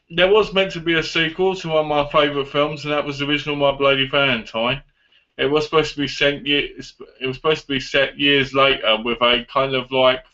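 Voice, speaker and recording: Bright-voiced rambling young man. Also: on the high side. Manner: rambling, self-correcting, chatty. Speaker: video host answering viewer questions. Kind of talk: casual chat. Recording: dull lo-fi sound.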